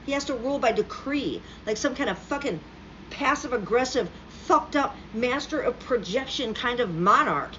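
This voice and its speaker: Speaking straight to camera, a female political commentator delivers a sarcastic rant laced with profanity. Her voice is medium-pitched and a bit bright. The lo-fi recording sounds slightly dull, with a faint hum in the background.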